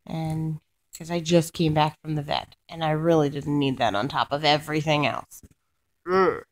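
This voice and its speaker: A woman's voice: low-pitched, fairly even intonation, normal speed. A young woman venting in a rambling, exasperated way, swearing often and restarting her sentences as she tells about her week. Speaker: vlogger. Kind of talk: casual rant to camera.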